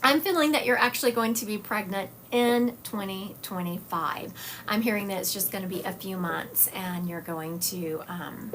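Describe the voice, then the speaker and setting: A woman's voice: mid-range voice, normal speed, a bit bright, a little hiss or hum. A woman hosting a live-streamed psychic reading session, talking to her chat viewers in an encouraging, direct way. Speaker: psychic medium host.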